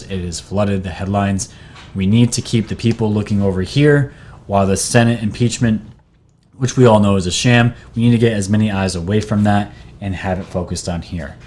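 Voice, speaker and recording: A man's voice: on the low side, a little mellow. A man who hosts a channel, talking casually about what he reads from a screen, with frequent hesitations and restarts. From New York. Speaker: channel host. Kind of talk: casual commentary reading from a screen.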